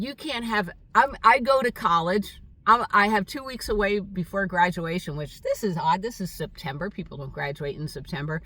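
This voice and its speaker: An older woman telling a rambling, halting story in a casual vlog monologue, with many fillers. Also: lowish voice, fairly bright tone, far from the mic. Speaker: vlogger. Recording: voice set back from the mic.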